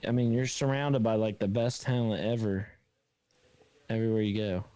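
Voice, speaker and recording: A man's voice: lowish voice, normal speed, warm tone, smooth, no echo. A man hosting a live stream, chatting in a rambling, talkative way and laughing often, though he is tired. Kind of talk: casual chat.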